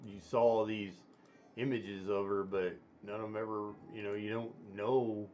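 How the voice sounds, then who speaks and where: A man's voice: fairly low pitch, flat delivery, measured pace, a little mellow, muffled recording, a little hiss or hum. A man hosting a casual chat, talking in a rambling way with many fillers and restarts. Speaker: stream host.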